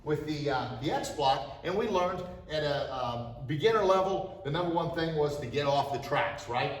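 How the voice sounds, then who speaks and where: Middle-aged male martial arts instructor, lively coaching, a bit higher voice, heard from across an echoey studio. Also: normal speed, distant mic, noisy background. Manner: energetic, shouts sharp strike cries. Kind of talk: demonstrating self-defense to students.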